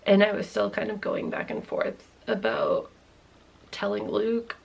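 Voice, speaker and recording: Gravelly-voiced woman telling a candid story. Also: medium pitch, flat delivery, slow pace. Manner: rambling, many "like"s, swears, nervous laughs. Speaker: vlogger.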